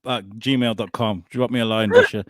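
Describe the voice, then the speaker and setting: A man's voice: lowish voice, steady tone, moderate pace, dry recording, studio quality. A young man hosting a comedy podcast, bantering casually, swearing freely and laughing often.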